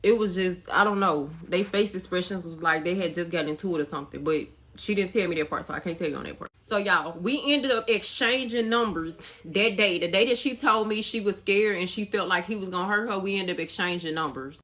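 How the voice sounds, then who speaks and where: A woman, chatting casually to viewers and telling a story in an animated way, swearing as she goes. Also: fairly low pitch, a little fast, few pauses. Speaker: storytime vlogger. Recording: outdoor noise with passing vehicles.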